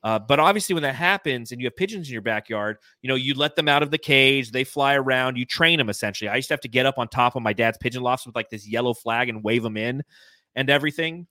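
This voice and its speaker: Bright-voiced man telling rambling stories. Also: medium pitch, fast talker, no room sound. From California. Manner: rambling, self-mocking anecdotes with many fillers. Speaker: podcast host. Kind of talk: casual storytelling chat.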